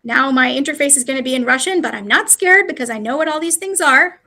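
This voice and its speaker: A woman's voice: sits high, fast talker, bright, forceful tone. A woman presenting a live webinar walkthrough, chatty and explanatory, with frequent fillers. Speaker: presenter of a live product demo.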